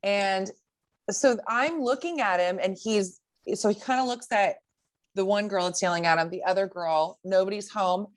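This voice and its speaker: A woman co-hosting a podcast, telling a story in casual chat, animated and swearing, often breaking into laughs. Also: medium pitch, normal speed. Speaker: podcast co-host.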